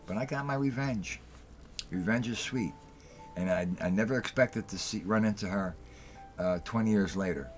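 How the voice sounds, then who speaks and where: A man's voice: fairly low pitch, normal speed, pauses often, a bit bright, slight background noise. A middle-aged man hosting a casual talk show, telling stories in a heated, blunt and profane way and repeating himself for emphasis. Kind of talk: casual call-in show monologue.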